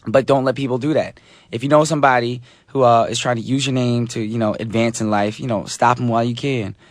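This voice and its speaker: Hoarse radio DJ, chatty. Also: male voice, medium pitch, steady tone, a little fast, dry recording, clean studio sound. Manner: chatty, joking, many fillers. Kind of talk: casual radio chat.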